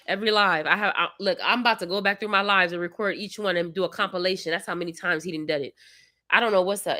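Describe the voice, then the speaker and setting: A bright, forceful-sounding young woman tells a long story in casual chat to her livestream viewers. She sounds tired and a bit congested, and she plays the people she quotes with lively, animated delivery. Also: medium pitch. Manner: animated storyteller, acts out quotes, sudden loud outbursts. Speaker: vlogger, mother of young kids.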